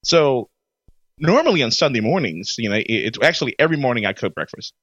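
Casual podcast co-host, male, lively storyteller, muffled lo-fi sound. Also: mid-range voice, fast talker, dry recording. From Florida. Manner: animated storyteller, laughs often. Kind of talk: casual chat.

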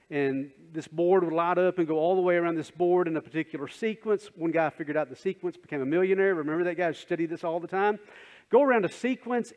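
A man preaching a sermon in a conversational way, asking the congregation questions and acting out scenes. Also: high-pitched. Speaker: pastor. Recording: dull sound with long hall reverb.

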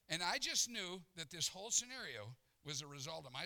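Pastor, man, middle-aged, gravelly and bright, animated sermon storyteller. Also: on the high side, brisk, hardly any pauses. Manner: animated storyteller, acts out exasperation.

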